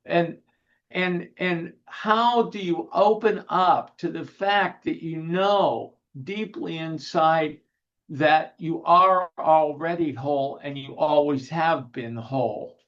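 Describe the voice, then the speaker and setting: A male minister preaches slowly and gently over a video call, with a fairly high voice for a man. He guides slow breathing and slips in dry little jokes. The call audio is dull and lo-fi. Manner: gentle, unhurried, guides breathing, humorous anecdotes. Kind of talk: sermon.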